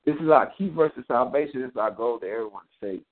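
A man's voice: medium pitch, lively intonation, fast. A man hosting a live Bible study, teaching in a preacherly way and punctuating his points with "amen.". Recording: tinny phone-line audio.

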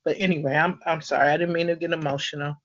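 Earnest halting man, bright tense voice. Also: on the high side, little pitch movement, no echo, dull audio. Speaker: host of a support conference call. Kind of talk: conference call sharing.

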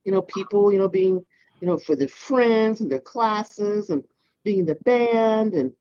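A man's voice: high-pitched, animated, warm tone, no echo. Reflective man on a lo-fi mic. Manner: reflective, halting, many "you know"s. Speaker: podcast co-host. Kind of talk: casual panel chat. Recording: dull lo-fi sound.

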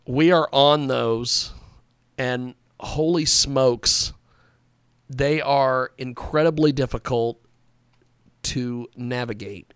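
A man's voice: mid-range voice, slow, pauses often, fairly bright tone, smooth, dry recording, studio quality. A man hosting a talk radio show, rambling casually and repeating himself as he goes.

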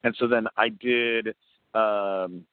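A man guesting on a casual phone interview, rambling and excitable, with lots of restarts. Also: lowish voice, slow pace, smooth, no echo. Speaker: guest voice actor and comedian. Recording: tinny phone line, dry.

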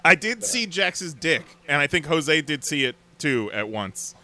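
A man's voice: a little high, big pitch swings, a little slow, very noisy. A man co-hosting a podcast in casual chat, laughing often and cracking crude jokes. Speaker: podcast co-host.

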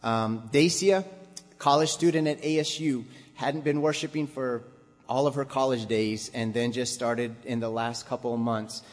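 A man's voice: mid-range voice, steady tone, moderate pace. A man preaching a sermon to a congregation, building up to emphatic, repeated exhortations. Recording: long hall reverb.

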